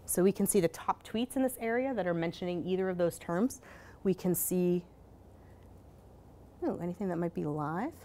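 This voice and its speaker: A woman giving a conference presentation in a casual, hurried way, full of fillers and asking "right?" as she goes. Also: lowish voice, mellow, a little hiss or hum. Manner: casual, many fillers, rhetorical "right?" tags; hurried, self-correcting. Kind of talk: live presentation. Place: conference session.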